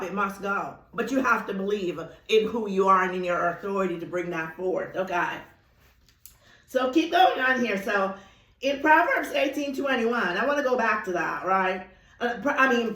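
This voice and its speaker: A woman's voice: on the high side, a bit bright. Emphatic woman teaching in a roomy space. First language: Thai. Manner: emphatic, slow and deliberate on key words, laughs often. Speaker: spiritual teacher. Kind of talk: spiritual teaching talk. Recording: roomy echo.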